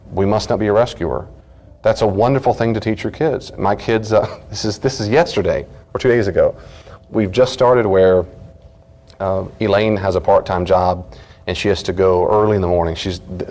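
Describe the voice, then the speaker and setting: Middle-aged pastor guy, lowish voice, chatty folksy stories at church. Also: fairly even intonation, normal speed, darkish tone. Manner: folksy storytelling, acts out family voices. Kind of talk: live church teaching talk. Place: church meeting room.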